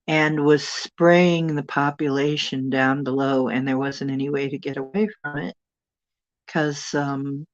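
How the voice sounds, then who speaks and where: A woman with a low voice talks slowly through a relaxed livestream chat. She thinks aloud and meanders from one thought to the next, on a dull, lo-fi recording. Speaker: channel host. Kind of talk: livestream chat, recounting dreams and reading viewer comments.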